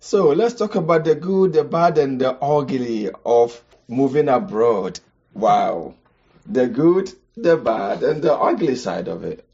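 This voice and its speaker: A man from Ghana, teaching about marriage on a podcast, emphatic, with rhetorical questions and sudden high-pitched exclamations. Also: lively intonation, slow pace, mellow, breathy edge, dull audio.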